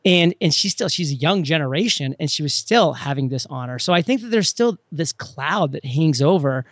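A man talking casually on a podcast, an animated storyteller who acts out scenes with sudden jumps in pitch. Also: normal speed, no echo. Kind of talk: casual conversation.

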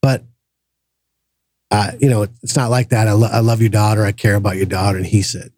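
A man hosting a podcast, telling a personal story in a casual, animated way and acting out the voices of the people in it. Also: on the low side, a little fast, no room sound. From grew up in the projects. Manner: animated storyteller, acts out quoted voices, frequent restarts. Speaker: podcast host.

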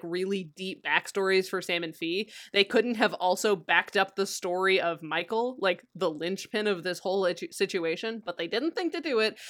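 A woman's voice: fairly low pitch, pushed and bright. A woman co-hosting a podcast, chatty and casual, laughing and swearing as she recaps a TV episode. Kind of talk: casual chat.

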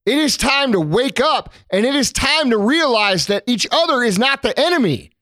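A man's voice: very high-pitched, lively intonation, normal speed, sharp tone, no room sound, studio quality. A man co-hosting a podcast, giving a heated, profane, preachy rant about what people should do. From United States. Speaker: podcast co-host.

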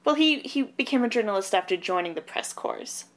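A woman co-hosting a relaxed film podcast. She speaks in short, dry lines, making her points briefly and plainly. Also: medium pitch, a little fast. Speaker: podcast co-host. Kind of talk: casual film discussion.

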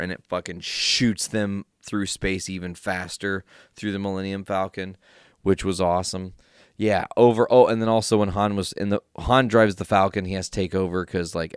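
A man giving an excited, casual recap of a movie, full of swearing and filler words. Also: deep voice, smooth, no room sound, studio quality. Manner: enthusiastic, swears often, lots of fillers. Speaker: film reviewer.

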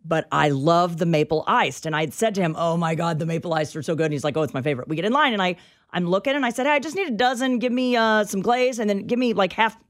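Radio co-host, woman, middle-aged, animated storyteller with an exasperated edge. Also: on the low side, fast talker. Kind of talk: casual talk radio chat. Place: radio studio.

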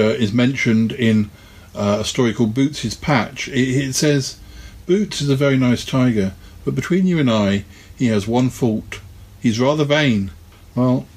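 A man casually talking through an old children's annual and reading from it, relaxed and chatty with plenty of ums and asides. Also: medium pitch, slightly rough. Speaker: video host reviewing a vintage annual. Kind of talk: casual rambling commentary and read-aloud.

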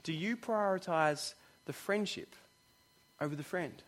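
Pastor, male, middle-aged, high voice, playful, sermon delivery that acts out dialogue. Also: measured pace. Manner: lively, joking, acts out dialogue.

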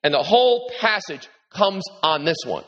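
A man preaching a sermon as pastor, animated and repeating himself, his voice lifting when he quotes Jesus. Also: moderate pace. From New York. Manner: animated, repeats words, rises in pitch when quoting Jesus. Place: large hall with congregation. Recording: echoey hall, dull sound.

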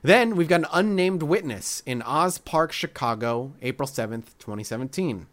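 Guy on a podcast reading out creepy sightings, bouncy pitch all over, cracking jokes. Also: expressive, moderate pace, fairly bright tone. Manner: jokey, reads quotes with asides. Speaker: podcast host. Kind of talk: casual chat, reading a story aloud.

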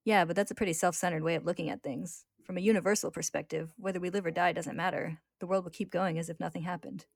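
A woman's voice: fairly low pitch, fairly even intonation, quick pace, vocal fry, few pauses, slightly rough, dry recording, studio quality. A woman reading as a determined teenage boy. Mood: reflective.

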